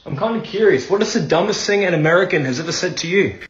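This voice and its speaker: A man asking a question in a quick, upbeat way, as an interviewer. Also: high voice, animated. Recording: roomy, dull lo-fi sound.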